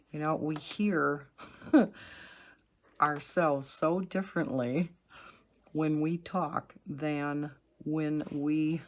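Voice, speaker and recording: A middle-aged woman with a low, soothing voice, chatting casually and rambling with soft laughs while she colors. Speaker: coloring channel host.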